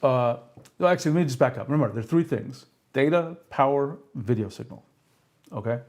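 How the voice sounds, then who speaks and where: Animated and brisk, with a darkish medium-pitched voice, a man runs a live stream demonstrating pen displays. He explains the hardware stepwise, asks his audience "okay?" and "right?", and laughs at himself when a demo goes wrong.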